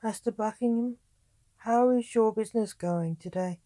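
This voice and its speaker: A woman's voice: fairly high pitch, moderate pace, no echo, close to an everyday voice. Woman reading as a guarded young knight. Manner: plain, even storybook reading.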